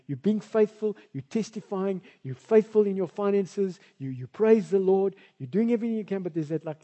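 A man's voice: high voice, mellow, in a large hall, dull audio. A male pastor, preaching a sermon in a conversational, rambling way with side remarks. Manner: conversational, rambling, with asides and filler.

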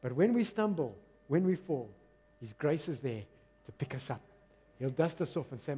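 A man preaching a passionate, emphatic sermon that swings between loud and quiet. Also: fairly high pitch, very animated, normal speed, breathy edge. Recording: long reverb of a large hall.

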